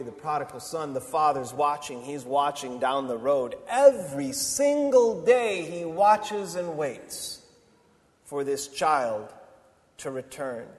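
A man preaching with fervor, his fairly high voice ringing out in a hall with a long, lingering echo. He swings between forceful, emphatic declarations and hushed, tender appeals to his listeners. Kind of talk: sermon. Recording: long reverb of a large hall.

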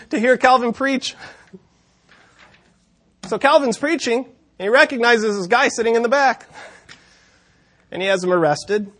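A man's voice: very high voice, a bit bright. A man preaching a sermon, telling a historical story with wry asides and occasional chuckles.

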